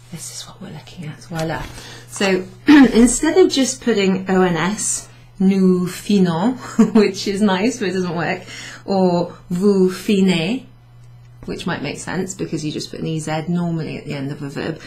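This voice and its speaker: A woman's voice: lowish voice, moderate pace, a little mellow. A woman French teacher from Wales giving a casual, chatty summary lesson for beginners, self-correcting as she writes on a board. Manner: chatty, self-correcting, switching between French and English, light laughs. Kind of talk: recorded class summary lesson.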